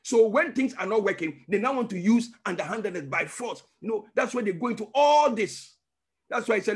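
A man's voice: sits high, expressive, fairly quick, slightly rough. A male pastor teaching a sermon emphatically, using call-and-response questions and breaking into tongues.

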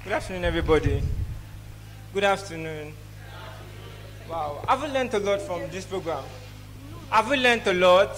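A man with a Nigerian accent doing a lively stand-up set at an event, teasing the crowd and slipping into pidgin. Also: high-pitched, a little slow, long pauses. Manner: lively, mixes pidgin, teases audience. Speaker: stand-up comedian. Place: event hall.

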